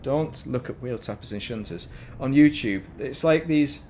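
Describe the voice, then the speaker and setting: A man's voice: medium pitch, moderate pace, a little mellow, a little hiss or hum. A man with a Northern English accent, chatting casually while commentating his gameplay stream and wandering into rambling, self-mocking asides. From Northern England. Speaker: gaming streamer.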